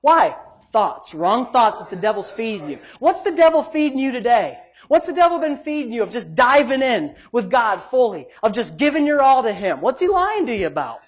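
Man preaching, loud then muttered. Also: sing-song, normal speed, husky. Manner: storytelling, swings between loud emphatic preaching and low muttered asides; acts out quoted speech. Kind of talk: sermon with personal testimony.

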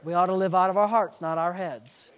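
A man preaching a sermon as pastor, full of rhetorical questions and swinging from hushed asides to shouted declarations. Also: high-pitched, fairly even intonation, brisk, clean tone.

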